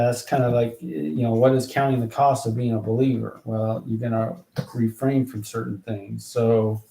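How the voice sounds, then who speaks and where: A man, a rapper, thinking aloud to himself in halting bursts while writing song lyrics. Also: mid-range voice, gravelly, mellow. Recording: roomy echo, faint background noise.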